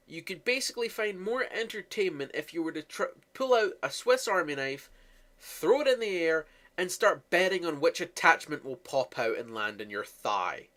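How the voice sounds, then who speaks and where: A man's voice: a little high, sharp tone. Guy ranting about a movie, cursing constantly, mocking and fed up. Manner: profane, mocking, exasperated. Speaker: movie reviewer. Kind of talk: sweary comedic movie rant.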